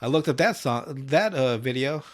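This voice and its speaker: A man's voice: mid-range voice, lively intonation, moderate pace. A young man hosting a podcast, casually retelling a cartoon episode with lots of swearing and laughter, jumping into raised voices for the characters' lines. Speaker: podcast host. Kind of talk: casual podcast recap, profane.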